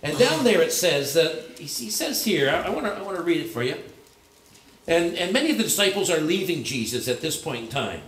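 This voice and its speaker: Male pastor with a high voice in an echoing church. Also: very animated, fairly quick, fairly bright tone. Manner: conversational, searching, frequent restarts and fillers. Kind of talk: sermon. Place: church sanctuary. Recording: echoey church room.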